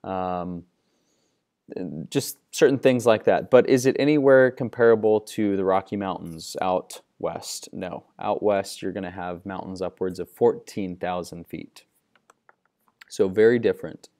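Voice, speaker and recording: A man's voice: low voice, unhurried, warm tone. A young man teaching a class in a friendly, loose, conversational way, with plenty of fillers. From Midwestern United States. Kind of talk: classroom lecture.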